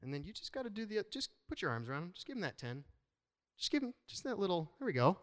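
A man delivering a lively sermon from the front of a church, his voice sitting a touch higher than most men's. He preaches in a loose, conversational way, with playful asides and quick shifts in tone as he works the room. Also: in a large hall. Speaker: pastor.

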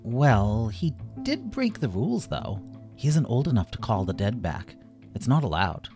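A man voicing a bossy young fairy girl who sticks to the rules, soft and matter-of-fact. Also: medium pitch, sing-song, a little slow, soft background music. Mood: stern.

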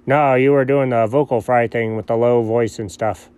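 This co-host has a medium-pitched, steady, darkish, clean voice with light acting. He plays an inquisitive, nerdy young male sidekick who peppers the comedy banter with rapid follow-up questions.

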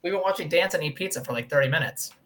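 Joking bright-voiced man. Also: on the high side, very fast. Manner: joking, laughs often. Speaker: podcast co-host. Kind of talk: casual chat.

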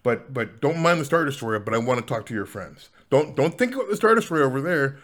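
A man's voice: mid-range voice, very animated, fast, a bit bright, pitched above the performer's own voice. A man paraphrasing a menacing male space villain in a laid-back, rambling way, close to his own voice. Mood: offhand.

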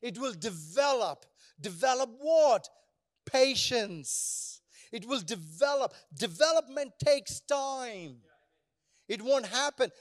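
A man's voice: very high-pitched, expressive, slow pace. A male pastor preaching a sermon, asking the congregation rhetorical questions and calling for responses.

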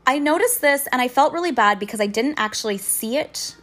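A woman's voice: high-pitched, animated, fairly quick, fairly bright tone. A young woman telling a personal story in a casual vlog, swearing freely and sounding indignant as she recounts it.

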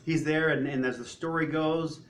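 A man's voice: on the high side, steady tone, moderate pace, a little hiss or hum. A man preaching a sermon to his congregation in a church, in a conversational way, asking rhetorical questions. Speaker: pastor.

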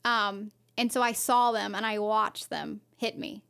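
A woman's voice: mid-range voice, steady tone, a little slow, vocal fry, fairly bright tone, clean tone. A woman casually telling a personal story on a podcast, rambling with lots of fillers and restarts. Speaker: podcast co-host.

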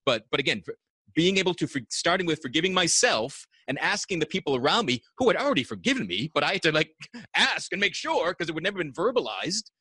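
A man speaking casually and confessionally, halting and restarting often. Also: on the high side, sing-song, bright, forceful tone, slightly rough, no room sound. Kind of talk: casual conversation.

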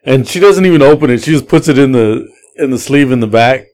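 A man hosting a podcast, casually telling a long, profane story in a rambling, animated way. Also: medium pitch, a little fast. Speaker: podcast host.

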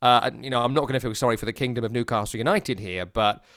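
A man's voice: medium pitch, fast, fairly bright tone, no room sound, clean studio sound. A man co-hosting a casual football podcast, chatty and wry as he tells stories. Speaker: podcast co-host.

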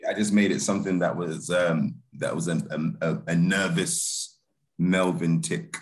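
A man, a film director, chatting in a relaxed interview, laid-back with many restarts and fillers. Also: low voice, moderate pace.

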